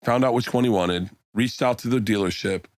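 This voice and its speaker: A middle-aged comedian, appearing as a podcast guest, tells a wandering, foul-mouthed story and acts out what others said. His mid-range voice is a little mellow and a touch fast, captured in a clean studio with no room sound.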